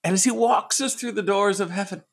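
A man preaching a sermon, emphatic and repetitive, dropping from loud declarations to hushed tones and chuckling between points. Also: high-pitched, brisk, vocal fry. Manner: emphatic, repeats words for effect, swings between loud and hushed.

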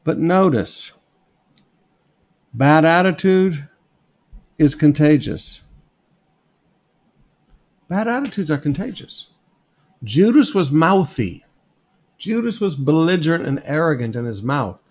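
A man's voice: a little high, expressive, slow, pauses often. A man teaching a Bible passage verse by verse in a conversational, emphatic sermon style, often stopping to point things out to listeners. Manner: conversational, emphatic, asks "notice" and "okay?"; sketches on a board while teaching. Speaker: pastor.

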